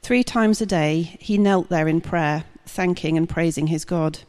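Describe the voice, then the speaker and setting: A woman reading a long scripture passage aloud at a steady, measured pace. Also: on the low side, long reverb tail. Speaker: scripture reader.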